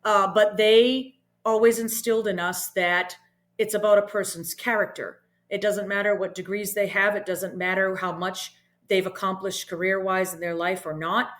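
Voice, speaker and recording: A woman's voice: mid-range voice, steady tone, normal speed, a bit bright. Earnest middle-aged woman from Boston. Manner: earnest, reflective, often adds "right?". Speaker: podcast guest, leadership consultant. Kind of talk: casual interview talk.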